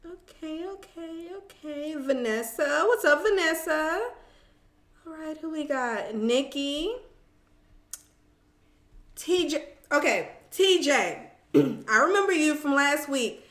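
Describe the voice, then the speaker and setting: Woman chatting on her live stream, high bright voice, echoey room. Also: takes it slowly, pauses often. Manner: chatty and animated, talks straight to viewers, reads comments aloud. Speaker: live-stream host recapping a reality show. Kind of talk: casual live-stream chat.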